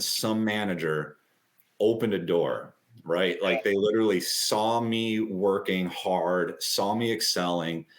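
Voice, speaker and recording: A man in his thirties talking as an interview guest, chatty and animated as he retells his story. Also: lowish voice. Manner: quick, lively retelling with acted-out quotes.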